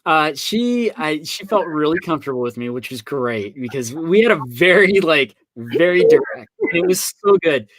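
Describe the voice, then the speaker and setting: A man hosting his own live video stream, chatting loosely and telling stories with acted-out quotes. His voice sits a bit high. It is recorded close and dry, with no room sound. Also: animated, normal speed, hardly any pauses, fairly bright tone, dry recording. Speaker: author hosting a live online book signing. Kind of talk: casual video-call chat.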